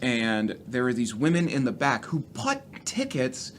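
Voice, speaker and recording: A man's voice: medium pitch, measured pace, a little hiss or hum. A man, a stand-up comedian, telling profane road stories as a podcast guest. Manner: profane, animated storyteller. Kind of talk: casual storytelling.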